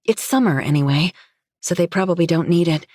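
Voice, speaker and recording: A woman reading a first-person novel aloud in a steady, low-key audiobook narration. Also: fairly quick, dry recording, clean studio sound.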